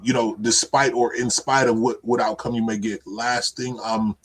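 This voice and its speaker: A man's voice: mid-range voice, level tone, normal speed, poor audio. Earnest male podcast host. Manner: earnest, frequent "you know what I mean". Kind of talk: casual podcast talk.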